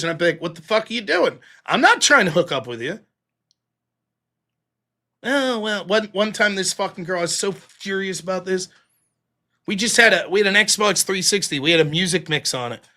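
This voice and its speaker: A man's voice: high voice, pushed and bright. A man hosting a live stream, ranting in a heated, profane, sarcastic way and mocking others in put-on voices. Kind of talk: ranting commentary.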